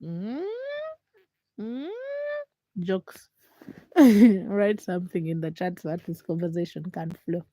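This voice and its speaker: A young woman who is sick with a hoarse, froggy voice and a stuffed nose, chatting casually and teasingly with viewers on a late-night livestream from home. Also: steady tone, normal speed, dark tone, a little hiss or hum. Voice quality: deep, froggy voice. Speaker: livestream host.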